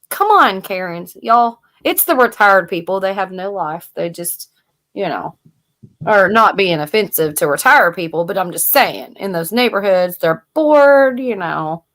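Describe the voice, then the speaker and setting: A woman from the American South co-hosting a live stream, telling stories in animated casual chat and swearing freely. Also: mid-range voice.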